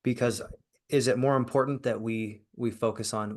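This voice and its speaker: A man's voice: fairly low pitch, steady tone, moderate pace. A man guesting on a podcast, talking earnestly about kindness and business, often restarting and repeating words. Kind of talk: motivational interview talk.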